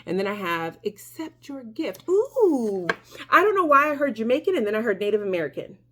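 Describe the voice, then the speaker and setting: A woman's voice: a little high, big pitch swings, a little fast, fairly bright tone. A woman giving a casual tarot reading to her viewers, chatty and emphatic, with many fillers and restarts. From Mexico. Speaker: tarot reader.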